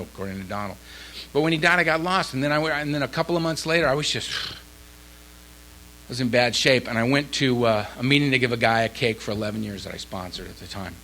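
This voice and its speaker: A man's voice: medium pitch, brisk, slight background noise, low-quality recording. A man speaking at a recovery meeting, telling a personal story with feeling and acting out what others said. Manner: emotional storyteller, quoting others in lively voices. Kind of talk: recovery talk.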